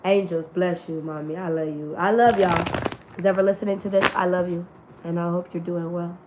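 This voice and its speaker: A woman's voice: fairly low pitch, fairly even intonation, fairly quick, background noise. A woman reading tarot for her viewers in a casual, slangy and profane way, with a voice that is still healing. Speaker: tarot reader. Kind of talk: spiritual reading to an online audience.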